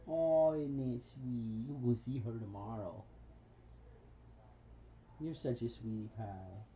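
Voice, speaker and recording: A woman chatting fondly with her pet bird at home, cooing pet names and laughing softly. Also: very deep voice, slow, slight background noise. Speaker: pet bird owner on a livestream. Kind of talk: casual chat with a pet. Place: indoors at home. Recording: dull lo-fi home livestream audio.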